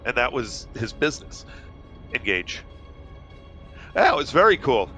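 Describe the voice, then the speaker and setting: A man's voice: medium pitch, sing-song, fairly quick, pushed and bright, soft background music. A man chatting casually on a headset in a group voice chat, rambling with many fillers, a little tipsy and half asleep.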